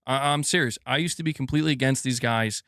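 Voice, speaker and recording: A man's voice: medium pitch, fast talker, a bit bright, no room sound, studio quality. A young man streaming gaming news commentary, ranting heatedly with lots of swearing and filler words while reading super chats.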